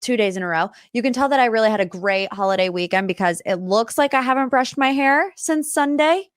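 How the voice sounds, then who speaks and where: A woman's voice: fairly high pitch, lively intonation, fairly quick, clean tone, dry recording, clean studio sound. A young woman hosting a pop culture podcast in a chatty, rambling style with lots of tangents. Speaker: podcast host. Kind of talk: casual pop culture chat.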